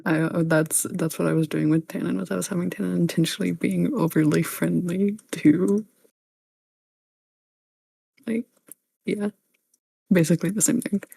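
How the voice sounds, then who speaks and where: A woman's voice: lowish voice, fairly even intonation, moderate pace, creaky, pauses often, mellow, breathy edge, no echo. A woman playing in an online tabletop game, chatting casually and laughing between lines. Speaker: player. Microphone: online voice chat microphone.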